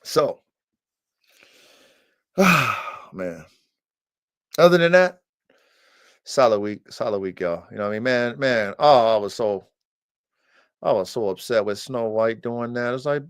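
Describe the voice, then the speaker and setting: A man hosting a podcast about breeding dogs, telling a story in a casual, profane way and swinging into loud, high-pitched outbursts. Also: animated, slow, pauses often, smooth, no echo, studio quality. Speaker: podcast host and dog breeder.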